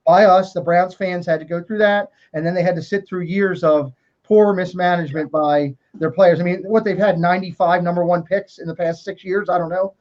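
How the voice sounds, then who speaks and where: A man's voice: sits high, steady tone, a little fast. A man co-hosting a livestream in casual chat, talking easily and reading viewer comments aloud. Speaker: livestream co-host. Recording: muffled lo-fi stream audio.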